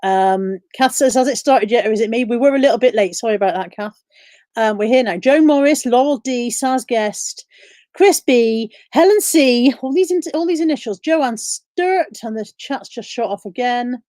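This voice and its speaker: Woman host, fairly high voice, dry close sound, chatty, reads chat questions aloud in a casual live-stream style. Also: moderate pace, dark tone, no echo. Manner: reads viewer questions aloud and answers them.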